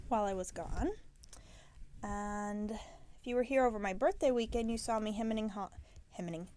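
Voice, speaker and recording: A woman hosting a knitting podcast, chatting casually about her projects and often correcting herself mid-sentence. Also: medium pitch. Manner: chatty, self-correcting, drops into soft asides. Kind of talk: casual show-and-tell chat.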